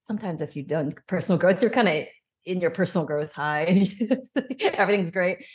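A woman's voice: on the low side, lively intonation, fairly quick, a little mellow. A woman in her thirties telling a personal story openly and reflectively in an interview. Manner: open, reflective, emotional storytelling. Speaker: podcast guest.

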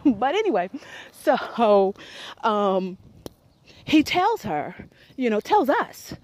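A woman in her forties telling a funny family story in a casual, animated way, laughing often and acting out voices. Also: medium pitch, slow. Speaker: host.

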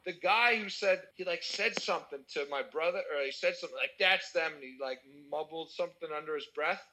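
High bright-voiced young man telling a story. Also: fairly quick, rough recording. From United States. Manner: animated storytelling with swearing and acted-out quotes. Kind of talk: casual chat.

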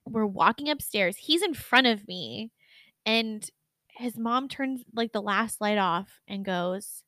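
A woman's voice: medium pitch, takes it slowly, no room sound. A young woman co-hosting a podcast, telling stories in casual chat, swearing and laughing a lot. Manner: animated storytelling, swears often, laughs a lot. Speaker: podcast co-host.

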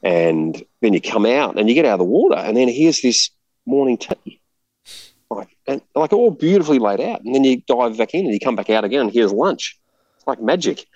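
A man casually telling a rambling, animated travel story, laughing often. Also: medium pitch, brisk, no echo, lo-fi sound.

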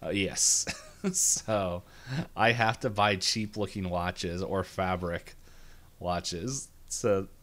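A man co-hosting a casual show recap, rambling with frequent giggles and quick asides. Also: low-pitched, fairly even intonation, a bit bright. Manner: rambling and giggly, quick bursts of acted quotes. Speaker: podcast co-host.

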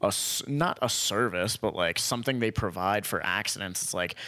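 A man's voice: on the low side, normal speed, sharp tone, dry recording. A young man in casual conversation telling a long story, rambling, swearing freely and acting out what people said. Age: young adult. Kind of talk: casual chat.

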